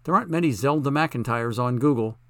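A man's voice: mid-range voice, brisk, fairly bright tone, dry recording, natural voice. A male narrator voicing a confident, self-assured woman who works as a fortune teller. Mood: breezy.

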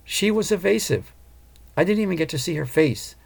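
A man's voice: high-pitched, expressive, normal speed, creaky, voice pushed up, heavily acted. A man voicing an earnest, determined woman opera singer and mother in an audiobook. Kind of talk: audiobook character voice.

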